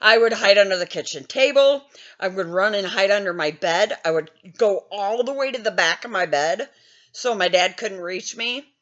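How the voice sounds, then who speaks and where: A woman's voice: medium pitch, normal speed, a bit bright, highs cut off. A woman in her fifties telling a story in a casual, blunt way, laughing often and swearing freely. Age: 50s. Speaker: gaming channel host.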